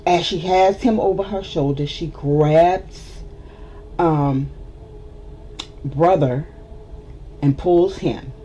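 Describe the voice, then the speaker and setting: A woman's voice: deep voice, extremely slow, pauses often, slight background noise. A woman telling a story to the camera in a casual storytime vlog, acting out the people involved. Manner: animated storyteller, acts out the other people. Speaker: vlogger.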